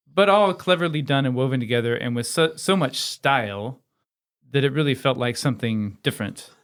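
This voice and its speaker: A man's voice: mid-range voice, clean tone. Chatty eager male podcast co-host. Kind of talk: casual movie-review chat.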